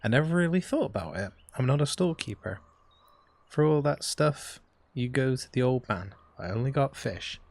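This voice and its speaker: A man's voice: medium pitch, expressive, normal speed, gravelly, darkish tone. A man voicing a folksy male fisherman with a Southern drawl and a chummy way of talking.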